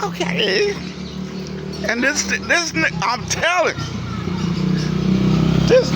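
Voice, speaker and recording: A man telling a story in a casual, profane, animated way for his vlog. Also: high-pitched. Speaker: vlogger. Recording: noisy outdoor recording. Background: roosters and chickens.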